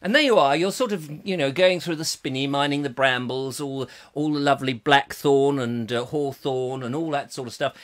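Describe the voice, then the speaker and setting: A man's voice: medium pitch, moderate pace, few pauses. A middle-aged man hosting a comic live chat show, rambling and joking as he reads out viewer comments and laughs often. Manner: jokey, rambling, laughing a lot.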